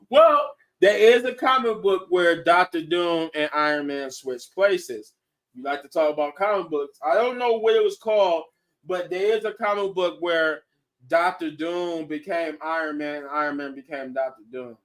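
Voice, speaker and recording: A man hosting a podcast in casual chat, excitable and laughing often, restarting his sentences as he talks. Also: fairly high pitch, moderate pace, far from the mic. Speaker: podcast host. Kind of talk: casual chat reviewing shows and movies.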